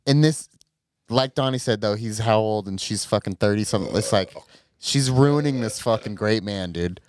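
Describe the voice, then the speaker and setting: Podcast co-host, man, lowish voice, dry close sound, fired-up and sweary. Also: normal speed, no echo. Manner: excitable, swears a lot, rises sharply when worked up. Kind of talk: casual chat.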